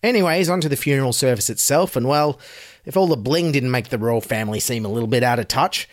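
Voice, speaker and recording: A man's voice: medium pitch, fast, dry recording, clean studio sound. A man with an Australian accent giving sarcastic satirical news commentary, mocking and exaggerating his emphasis. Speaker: comedy host.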